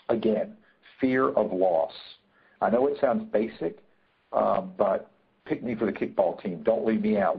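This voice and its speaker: A man's voice: fairly low pitch, creaky, slightly rough. A man teaching negotiation in a webinar, emphatic, repeating his key points, with many fillers. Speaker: negotiation trainer. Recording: tinny phone-like line.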